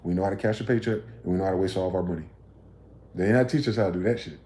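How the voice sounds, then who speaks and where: A man rants on a livestream, swearing freely and pressing listeners with combative rhetorical questions. His voice sits in a mid range with a dark, mellow tone, and his room gives it a noticeable echo. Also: deep voice, racing, a little hiss or hum. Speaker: livestream host. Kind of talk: ranting livestream monologue.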